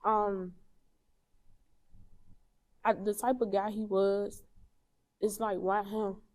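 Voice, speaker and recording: A young woman speaking as an interview guest, halting and emotional as she talks about a painful loss. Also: medium pitch, level tone. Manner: soft-spoken, halting, grieving. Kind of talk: emotional personal conversation.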